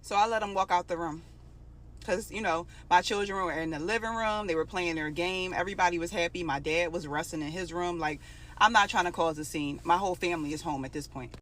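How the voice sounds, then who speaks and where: A woman's voice: on the low side, a little fast, a bit bright. A young adult woman telling a personal story in a casual, emotional, conversational way.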